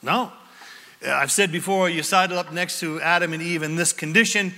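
A male preacher giving an animated sermon, reading scripture and asking the crowd questions. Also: on the high side, moderate pace. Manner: animated, acts out voices, asks the crowd questions. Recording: long hall reverb.

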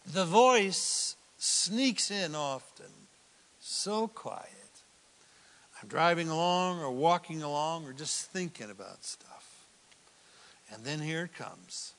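A man preaching a sermon in a high voice, taking his time over every phrase. He talks in a playful, conversational way and then pushes into emphatic bursts. The sound carries a long hall reverb. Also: lively intonation, slow, a bit bright. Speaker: pastor.

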